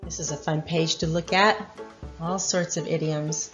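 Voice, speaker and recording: A woman hosting a channel, reading a children's picture book aloud in a gentle, expressive way. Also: low voice, unhurried, dull audio, faint music behind. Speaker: storyteller host.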